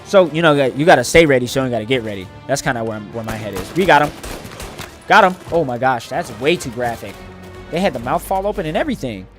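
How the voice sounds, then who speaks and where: Gaming host, man, mid-pitch, casual commentary with trash-talk, faint game music behind. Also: fast. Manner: animated, trash-talking, boastful in bursts.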